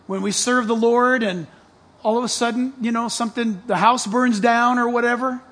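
A man preaching with a very high-pitched voice. He reads scripture aloud and builds to loud, emphatic stretches, sometimes nearly yelling at his congregation. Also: steady tone, moderate pace. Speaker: pastor. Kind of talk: sermon.

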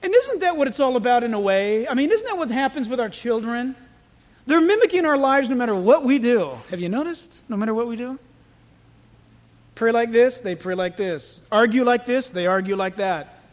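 A man preaching a sermon as pastor, telling stories in an animated way. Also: very high voice, moderate pace. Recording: echoey hall with long reverb.

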